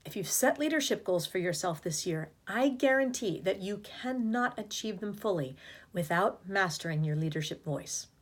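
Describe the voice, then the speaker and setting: A woman's voice: mid-range voice, expressive, moderate pace. Woman, voice coach, upbeat, emphatic, advice to camera. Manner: demonstrates vocal habits by mimicking them. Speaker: voice and leadership coach. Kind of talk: direct-to-camera advice talk.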